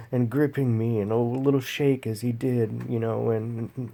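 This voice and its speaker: A man vlogging a personal story in a slow, halting, emotional way, pausing often. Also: medium pitch, steady tone, vocal fry, dark tone.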